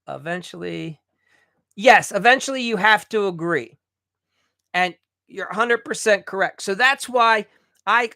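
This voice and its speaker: Bright-voiced, fired-up male trainer. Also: high voice, no room sound, clean studio sound. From United States. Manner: blunt, profane, fired-up with frequent restarts. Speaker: remodeling business coach. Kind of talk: live training session.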